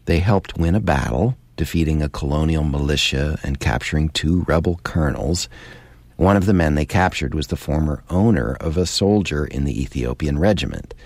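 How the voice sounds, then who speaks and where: A man hosting a radio history documentary, giving measured, scripted narration. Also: extremely low pitch, a little mellow, dry recording.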